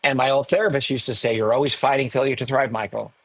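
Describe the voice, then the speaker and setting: A man in his sixties, a podcast guest, telling a personal story candidly, emotional and animated with self-mocking asides. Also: mid-range voice, fast talker, dry recording, rough recording. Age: 60s. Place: home in the hills above a large city.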